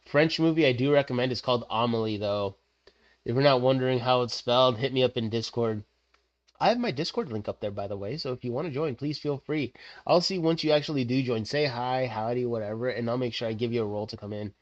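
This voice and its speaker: A man streaming live, chatting casually in an animated, rambling way with lots of fillers. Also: medium pitch, quick pace, muffled recording.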